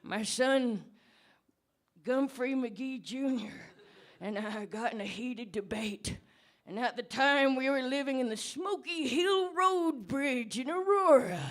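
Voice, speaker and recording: A woman voicing an unhinged old man who lives under a bridge, rambling slowly on a pub stage with sudden shouts. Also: high-pitched. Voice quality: gravelly, creaky old-man voice. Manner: slow, rambling, with bursts of shouting. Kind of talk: comedic character monologue at a live debate.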